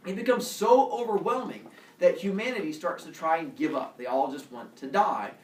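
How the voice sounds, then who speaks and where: A male teacher telling a myth to his class in an animated way, with a camera across a classroom. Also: on the high side, normal speed, far from the mic, a little hiss or hum. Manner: animated, acts out every voice. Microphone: camera across the room. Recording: roomy classroom heard from afar.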